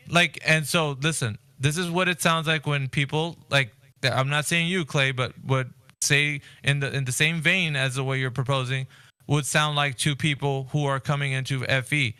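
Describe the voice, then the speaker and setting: A man's voice: fairly high pitch, steady tone, normal speed, bright, forceful tone, clean tone, no room sound. A man hosting a casual voice-chat discussion, talking earnestly and rambling with frequent restarts. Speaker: Discord voice chat host.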